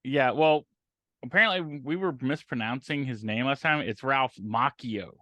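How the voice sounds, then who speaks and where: Bright, crisp-voiced man co-host. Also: mid-range voice, expressive, moderate pace, dry recording. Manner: dry jokes, laughs at banter. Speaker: podcast co-host. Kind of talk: casual chat.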